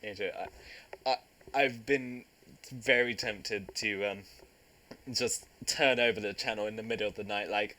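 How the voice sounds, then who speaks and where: A young man, hosting a casual podcast chat, jokey and quick to laugh. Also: medium pitch, fairly even intonation, bright, forceful tone. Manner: jokey, teasing, laughs often. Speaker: podcast host.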